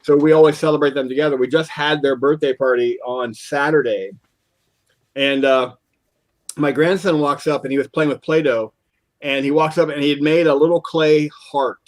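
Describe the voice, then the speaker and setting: A man's voice: fairly high pitch, steady tone, normal speed. An older man co-hosting a casual hobby show, chatting in a rambling, storytelling way that often trails off. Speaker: co-host of a model car customizing show. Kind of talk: casual chat.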